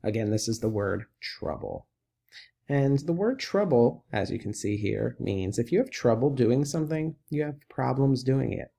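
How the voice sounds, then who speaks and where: A man teaching a recorded lesson for children, who talks patiently and encouragingly and repeats each word slowly. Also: medium pitch, expressive, gravelly, dark tone.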